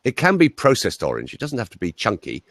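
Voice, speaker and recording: A man with a standard Southern English accent and a fairly low voice that rises and falls a great deal. He tells stories with energy and slips into other people's voices. The sound is dry and close. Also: fast, dry recording. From Ireland. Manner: animated storyteller, mimics voices. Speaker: voice coach. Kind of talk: interview, anecdotal chat.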